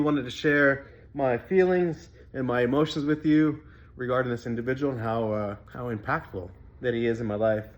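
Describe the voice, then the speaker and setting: A man's voice: mid-range voice, highs cut off, a little hiss or hum. A man, a fitness coach, talking in an earnest, heartfelt and rambling way in a personal training vlog, full of fillers. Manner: rambling conversational delivery with many fillers.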